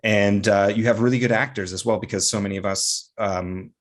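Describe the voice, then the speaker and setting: A man's voice: fairly low pitch, steady tone, fairly quick. A man from Canada chatting as a podcast guest about acting work, with a General North American accent and lots of fillers. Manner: chatty storyteller with frequent fillers. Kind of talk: casual conversation.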